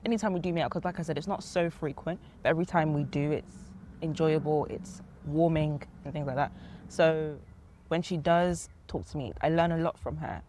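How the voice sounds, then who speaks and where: A young woman of Ghanaian family, a podcast guest in casual chat, talking reflectively and pausing to search for words. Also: deep voice, warm tone, slight background noise.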